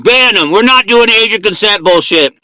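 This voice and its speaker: A man in a heated online voice-chat argument, talking loudly and accusingly, swearing and cutting in over others. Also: high-pitched, lively intonation. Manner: loud, accusing, profane, rapid interrupting.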